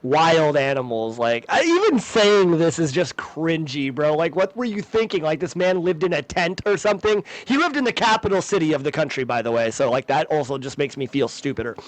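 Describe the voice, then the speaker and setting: An American man co-hosting a podcast, telling a story in halting, self-deprecating, profane casual chat. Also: on the high side, lively intonation, no room sound, rough recording. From United States. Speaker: podcast co-host.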